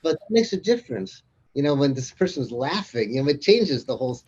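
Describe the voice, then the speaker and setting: Man, husky voice, rambling storyteller, chuckles a lot, muffled lo-fi audio. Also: medium pitch, sing-song, brisk, darkish tone. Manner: rambling, anecdotal, chuckles often. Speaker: author and interview guest. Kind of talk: casual conversation.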